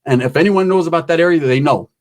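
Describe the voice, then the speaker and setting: A man tells a comic story in an animated, foul-mouthed way, jumping into voices for everyone in it. His voice sits a little high for a man. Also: fast talker. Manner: animated, profane, acts out every character. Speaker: comedian. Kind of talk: comedic storytelling.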